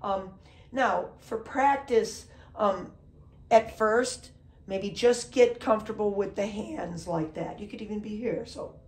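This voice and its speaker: A woman's voice: medium pitch, slow. A woman teaching drums in a casual way, often checking in with "okay?" and counting beats aloud. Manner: counts aloud loudly over drumming, says "okay?" often. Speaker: drum teacher. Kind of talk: casual instructional talk. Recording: drums playing under the voice.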